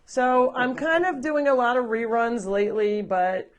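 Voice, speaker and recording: A woman with a steady voice on the high side speaks a little slowly as she hosts a live sanctuary tour, wearing a microphone while walking around the farm both inside and out. Her casual narration is full of chatting and laughter as she coaxes and scolds the animals.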